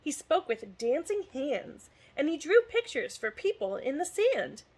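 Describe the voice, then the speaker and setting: A woman reads a picture book aloud to young listeners in an expressive storytelling voice. She takes her time and her voice rises and falls widely. The tone is high and bright. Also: unhurried, poor audio. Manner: expressive, sing-song storytelling. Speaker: student success advisor reading to children.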